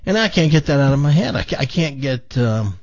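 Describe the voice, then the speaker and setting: A man's voice: medium pitch, animated, a little fast, dry recording, dull audio. A male radio talk show host chatting on air in a reflective, rambling way, full of restarts. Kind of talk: casual on-air chat.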